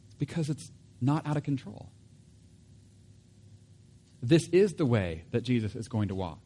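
A man's voice: mid-range voice, sing-song, measured pace, warm tone, slightly rough. A man preaching a sermon in a casual, conversational way, with asides and self-corrections. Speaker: pastor.

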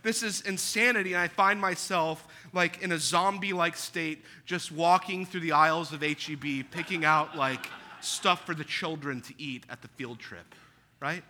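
Bright, high-voiced male pastor preaching. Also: normal speed. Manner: conversational storytelling with acted quotes. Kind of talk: sermon. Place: church auditorium.

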